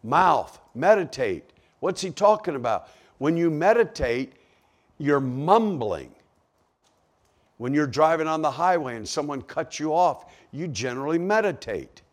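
Slow, lively-pitched preaching man. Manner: preaching with rhetorical questions to a congregation. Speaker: pastor. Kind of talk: sermon.

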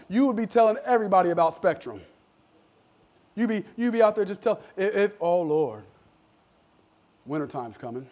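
A man pastor preaching a sermon, calling for amens and swinging between loud emphatic lines and low asides. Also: animated, normal speed, long pauses. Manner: call-and-response preaching, asks for amens.

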